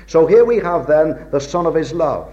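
A man preaching a sermon in a measured, old-fashioned way, slowing down to stress key words. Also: a little high, expressive, warm tone. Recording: dull lo-fi recording.

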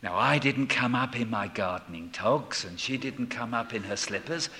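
An older man preaching a sermon, dropping to a hush and then rising to loud proclamation. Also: mid-range voice, lively intonation, normal speed. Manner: swings between hushed and loud proclaiming.

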